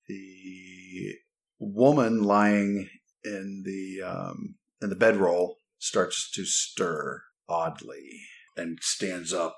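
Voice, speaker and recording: A man's voice: sits low, vocal fry. A man running a tabletop game as game master, laid-back and laughing often.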